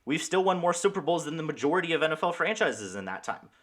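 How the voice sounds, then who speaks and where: A man's voice: a little high, fast talker. An American man and podcast co-host in a casual sports debate, pushing back firmly and giving reasons. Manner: lively, firm, reasoned pushback.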